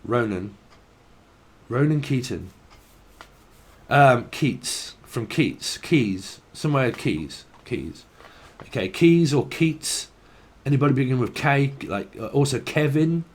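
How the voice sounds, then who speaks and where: A man's voice: medium pitch, animated, takes it slowly, long pauses. A man giving a casual channelled tarot reading, rambling and free-associating, laughing often and swearing casually. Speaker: tarot reader.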